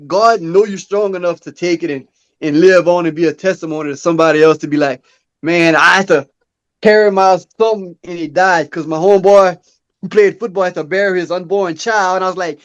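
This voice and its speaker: Podcast co-host, man, high voice, earnest casual storyteller. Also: brisk, dull audio. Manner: earnest storytelling, acts out quoted dialogue in a high voice.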